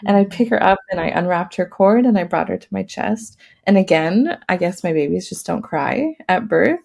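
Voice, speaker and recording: Podcast guest, a woman with a low, gravelly, warm voice, chatty and casual, laughing often as she tells her story. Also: animated, moderate pace. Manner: laughs often while talking; casual, many fillers. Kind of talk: personal storytelling in an interview.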